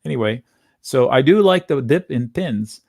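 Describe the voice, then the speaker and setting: A man in a dry, close-miked room hosting a live trading stream. He talks casually and thinks out loud, jumping from point to point as he reads charts. His pitch sits mid-range for a man. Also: lively intonation, normal speed, creaky, no echo. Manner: casual, chatty, thinks aloud while reading charts. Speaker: options trading webinar host. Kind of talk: live market commentary.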